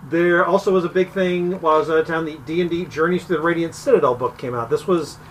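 A man's voice: on the high side, fairly even intonation, quick pace, slight background noise. A man hosting a casual comics podcast, joking around and laughing often with his co-hosts. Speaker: podcast host. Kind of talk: casual chat.

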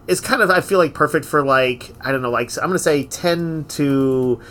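A man's voice: a little high, normal speed, pushed and bright, a little hiss or hum. Talkative, upbeat podcast co-host, a man. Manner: enthusiastic, talkative, loose and informal. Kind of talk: casual chat.

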